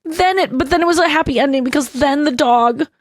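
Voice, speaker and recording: A woman's voice: high voice, a little fast, no room sound. A young adult woman hosting a podcast, telling emotional stories in a rambling, casual way. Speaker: podcast host. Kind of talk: casual chat.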